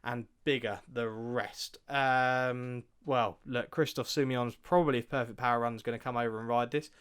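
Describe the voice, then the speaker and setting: Guy chatting racing picks, smooth clear voice, lots of ums and restarts. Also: mid-range voice, steady tone, normal speed, fairly bright tone. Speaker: co-host of a racing tips show. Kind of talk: casual chat.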